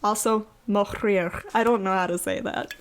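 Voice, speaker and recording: A woman co-hosting a podcast, chatting casually about books, animated and swearing freely. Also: medium pitch, moderate pace, clear, resonant tone. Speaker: podcast co-host.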